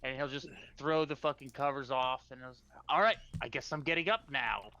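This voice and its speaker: A man's voice: mid-range voice, moderate pace, sharp tone. A man playing a tabletop game, talking in character with an exasperated, stern, swearing manner. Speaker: player. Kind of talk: in-character tabletop role-play. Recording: dull lo-fi mic sound.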